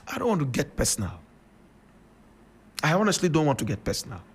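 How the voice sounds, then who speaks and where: A Ghanaian-accented radio commentator speaks fairly quickly in a fairly high, sing-song, slightly rough voice. He's impassioned and emphatic, preaching and firing rhetorical questions.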